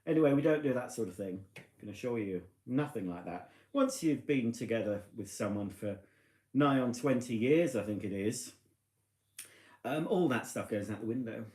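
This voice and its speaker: A man's voice: mid-range voice, animated, moderate pace, a little mellow. Tipsy man rambling on a live stream. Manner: rambling, chatty, self-mocking. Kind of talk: casual live-stream chat. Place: living room at home. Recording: echoey room.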